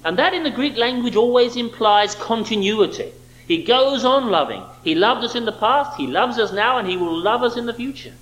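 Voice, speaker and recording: Male preacher, high voice with lively swings, emphatic, rhetorical questions. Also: normal speed, low-quality recording. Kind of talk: sermon.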